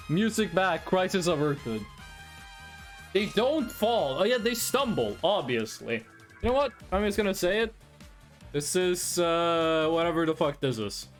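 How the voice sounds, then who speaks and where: Animated Norwegian game streamer. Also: medium pitch. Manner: animated, rambling, jokey, swears. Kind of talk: casual live-stream chat. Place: room at home.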